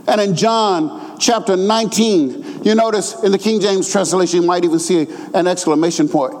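A man preaching a sermon, swelling into near-shouted, sing-song emphasis. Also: sits high, moderate pace. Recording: long hall reverb.

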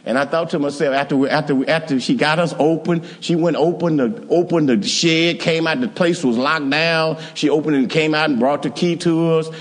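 A middle-aged male pastor telling a story in a sermon, swinging from loud exclamations to hushed asides and repeating himself as he goes. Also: on the high side, steady tone, moderate pace, few pauses.

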